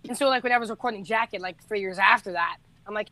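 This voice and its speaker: A man's voice: sits high, quick pace, bright, forceful tone, dry recording. A teenage boy, a musician co-hosting a podcast, telling rambling stories in casual chat, laughing and correcting himself as he goes.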